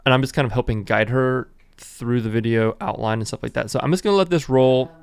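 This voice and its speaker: A man's voice: mid-range voice, a little fast, gravelly, clean tone. A young man, the host and videographer, casually explaining a filming setup with frequent fillers. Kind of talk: casual behind-the-scenes narration.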